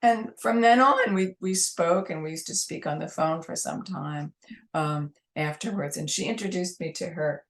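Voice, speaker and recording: A woman's voice: lowish voice, moderate pace. New York woman telling rambling stories. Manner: rambling anecdotal storyteller. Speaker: guest. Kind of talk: casual interview chat.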